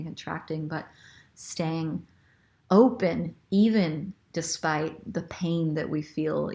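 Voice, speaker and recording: Her voice is low and a little mellow as she hosts a spiritual show in her role as spiritual guide. Telling a story from her own life, she sounds earnest and reflective, with filler words and restarts along the way.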